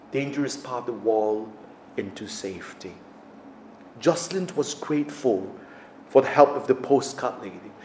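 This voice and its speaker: Brief: a high-pitched male preacher in a reverberant church, animated, dropping to a hush. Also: a little hiss or hum. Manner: animated, big swings from loud to hushed. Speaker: pastor. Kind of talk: sermon with storytelling.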